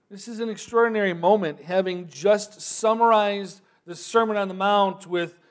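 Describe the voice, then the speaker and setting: A man preaching a sermon, moving from quiet, thoughtful asides to loud, emphatic proclamation. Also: sits high.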